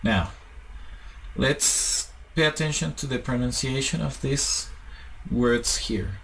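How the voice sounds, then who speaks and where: A man's voice: mid-range voice, slow, gravelly, fairly bright tone, slight background noise, rough recording. A man, patiently teaching a one-on-one English lesson and switching to to explain.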